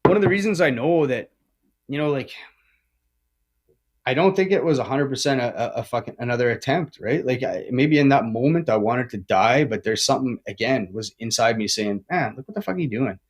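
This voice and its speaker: Podcast guest, man in his forties, mid-pitched, candid and profane, keeps ending lines with "right?" and "man". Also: normal speed. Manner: heavy swearing, tags lines with "right?" and "man"; rambling with frequent restarts. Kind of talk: candid recovery storytelling.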